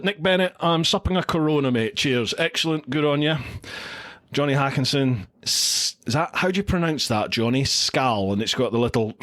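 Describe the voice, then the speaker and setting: Chatty man hosting a livestream. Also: medium pitch. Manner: chatty, reads out viewer comments and greets each by name. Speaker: podcast host. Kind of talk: casual livestream chat. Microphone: studio mic into a recorder.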